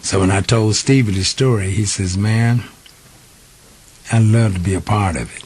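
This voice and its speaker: A man's voice: fairly low pitch, moderate pace, a little mellow, husky. An older man, a singer giving a radio interview, telling long stories and acting out the voices of the people he quotes. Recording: faint hiss.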